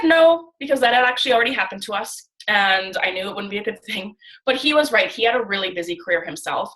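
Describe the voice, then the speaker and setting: Bright-voiced canadian woman, 30s, chatty storytelling on a zoom call, acts out the quotes. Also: medium pitch, poor audio. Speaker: guest speaker on a training call. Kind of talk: casual storytelling on a video call. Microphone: video call.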